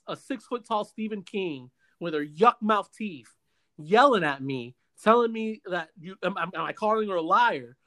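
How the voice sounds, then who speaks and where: A man hosting a podcast, telling a long story in a casual, animated way with many stammers and restarts. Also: high-pitched. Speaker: podcast host.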